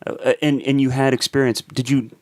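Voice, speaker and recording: A man's voice: mid-range voice, little pitch movement, normal speed. A man hosting a podcast interview, giving short affirmations and asking follow-up questions. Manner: attentive, frequent short affirmations. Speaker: podcast host.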